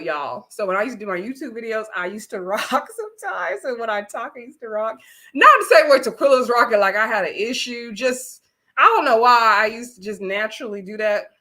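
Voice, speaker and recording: Woman w/ aave doing a live recap, bright n kinda high, laughs a lot. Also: a little fast. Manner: chatty, laughs often, acts out quoted voices. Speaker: vlogger recapping a reality show. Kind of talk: casual live-stream recap.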